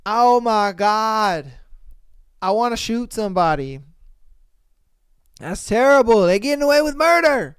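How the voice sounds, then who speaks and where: A male podcast host who reacts to stories in loose, slangy chatter and keeps calling his listeners bro. He talks at an unhurried pace, and his voice is smooth and clean. The sound is close and dry. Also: high-pitched, lively intonation, no echo. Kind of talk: casual reaction commentary.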